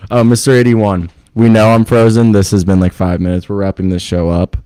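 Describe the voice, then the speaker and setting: Brisk and level, this young man's lowish voice comes across warm and clean with no echo. He co-hosts a podcast via a remote video call streaming setup, joking around, laughing a lot and swearing in loose, rambling conversation.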